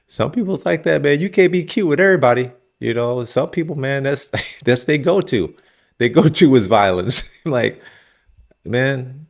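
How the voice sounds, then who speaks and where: A man giving casual, animated reaction commentary in heavy slang. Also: mid-range voice, unhurried, vocal fry, pauses often.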